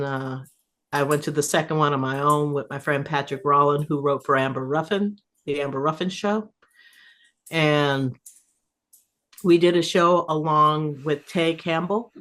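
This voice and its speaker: A middle-aged woman who curates an improv festival tells stories in a casual podcast interview. She's animated, laughing and swearing freely, with a low-pitched voice.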